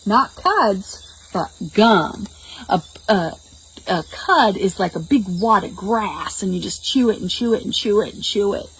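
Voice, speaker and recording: Storytime reader: woman, lively and unhurried, faint room hiss. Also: medium pitch, low-quality recording. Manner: animated, slow and expressive, explains words to children. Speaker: children's librarian reading a picture book. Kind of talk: storytime read-aloud for preschoolers. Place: public library.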